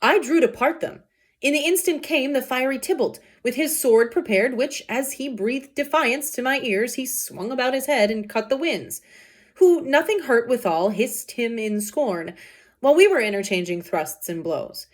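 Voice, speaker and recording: A woman reading an honest young man's account of a fight in an earnest, measured way. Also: high voice, lively intonation, pitched above the performer's own voice. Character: honest young male nephew, calm reporter.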